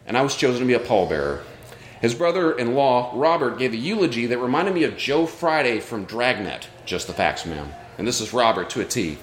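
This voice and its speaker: A man telling a personal story to a live audience, earnest and reflective. His voice rises and falls with lively swings in pitch, and the sound carries the roominess of a live venue. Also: echoey room, slight background noise. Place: live show at a brewery.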